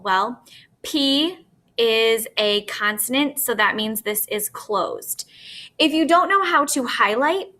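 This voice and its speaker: A woman's voice: a little high, pushed and bright. A woman teacher explaining a lesson step by step, patiently, often checking in with "okay?". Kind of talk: recorded classroom lesson.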